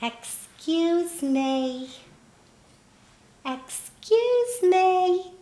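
A woman doing a slow, earnest little old lady. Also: very high voice, lively intonation, warm tone, pitched above the performer's own voice, full character voice. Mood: gentle. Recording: echoey room.

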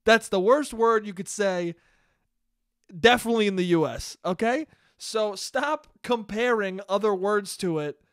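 A young man hosting a solo comedy podcast, talking in a profane, animated rant and laughing at his own jokes. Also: high voice, measured pace, smooth, dry recording, studio quality. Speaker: podcast host.

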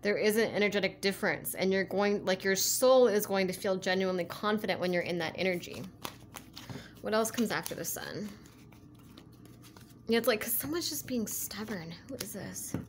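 A woman's voice: mid-range voice, moderate pace, slight background noise. A woman giving a casual spiritual tarot reading, rambling and full of "like" and "you know", laughing easily. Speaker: tarot reader.

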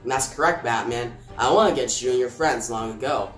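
A man voicing a cosmic destroyer villain in a deep, hushed, smug, gloating voice. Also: fairly quick, soft background music, natural voice. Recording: echoey room.

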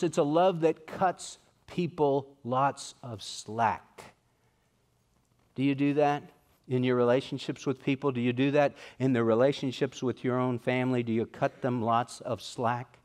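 A pastor preaching a sermon earnestly, slowing down to stress key words. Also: male voice, medium pitch, darkish tone.

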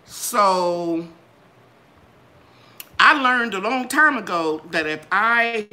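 Older lady gardening host, voice bouncing up and down, bright and chatty. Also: takes it slowly, long pauses, a little hiss or hum. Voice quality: bright, trained singer's voice. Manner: animated, sing-song ups and downs in pitch. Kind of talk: live Q and A chat.

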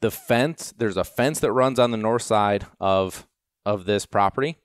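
A man who trains gundogs, casually telling a long story in an animated, self-deprecating way, with lots of fillers. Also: on the low side, a little slow, no room sound, clean studio sound.

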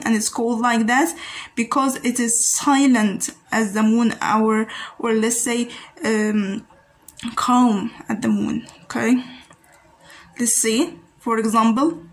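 A woman's voice: on the high side, poor audio. A woman teaching grammar patiently, repeating each example word several times. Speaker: Arabic teacher. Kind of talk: grammar lesson explanation.

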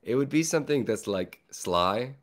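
A man hosting a podcast in casual chat, with a deep bear-like voice and a laid-back, rambling way of talking. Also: expressive, normal speed. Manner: laid-back, rambling, lots of filler words. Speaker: podcast host.

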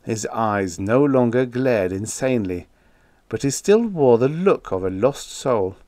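A man reads a vintage horror story at a middle pitch, measured and steadily building dread. His voice sits dry and close, with no room sound. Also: expressive, a little mellow, no echo. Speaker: audiobook narrator. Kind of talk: dramatic horror audiobook narration.

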